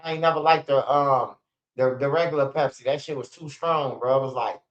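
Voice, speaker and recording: A man's voice: medium pitch, fairly even intonation, a little fast. A man in his forties telling rambling, profane stories on a livestream, with many restarts and laughs. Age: 40s. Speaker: channel host. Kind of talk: casual livestream storytelling. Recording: roomy, dull lo-fi stream audio.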